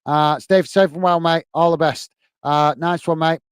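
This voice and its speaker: A man's voice: on the high side, steady tone, normal speed, clean tone, dry recording. A tired man hosting a football live stream, reading viewer comments and signing off friendly with lots of fillers. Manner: friendly, repetitive sign-offs, many fillers. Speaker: football channel host.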